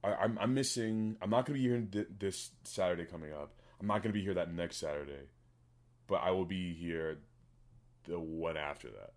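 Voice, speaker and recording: A man's voice: sits low, moderate pace. A young man co-hosting a podcast in casual chat, swearing often and rambling through jokes. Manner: profane, rambling, jokey. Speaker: podcast co-host.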